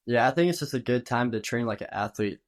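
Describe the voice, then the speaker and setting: A man's voice: medium pitch, lively intonation, fast. A teenage male golfer answering interview questions hesitantly, with many ums and likes. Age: teens. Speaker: high school golfer guest.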